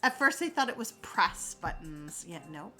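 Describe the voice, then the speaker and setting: A woman in her forties chatting casually on a livestream, reading comments aloud with animated, sarcastic asides. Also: on the low side, moderate pace, soft background music. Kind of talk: casual chat.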